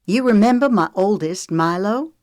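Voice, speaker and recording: A woman's voice: medium pitch, expressive, normal speed, darkish tone, no room sound, clean studio sound, voice pushed up, natural voice. A woman narrator voicing a friendly, chatty female cousin in an audiobook. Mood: fond.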